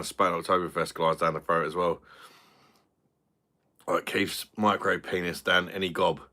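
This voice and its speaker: A man's voice: deep voice, pushed and bright. A man chatting crudely with viewers on a beer review livestream, swearing and laughing often. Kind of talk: casual livestream chat.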